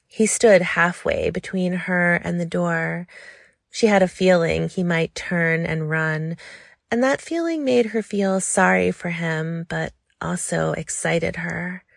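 Woman reading a story real slow and intimate, gravelly low voice, dry close mic. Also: no echo. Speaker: narrator. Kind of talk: scripted story narration.

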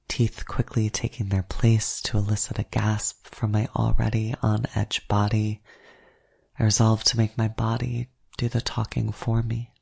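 A narrator reading a first-person erotic story aloud in a slow, hushed manner that often drops to a whisper. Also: medium pitch, creaky, husky.

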